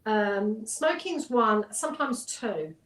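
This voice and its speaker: A woman's voice: fairly high pitch, very animated, slow pace. Chatty woman in a roomy room. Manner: chatty, storytelling, many ums and restarts. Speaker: hypnotherapist guest. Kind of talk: casual interview chat. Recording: roomy echo.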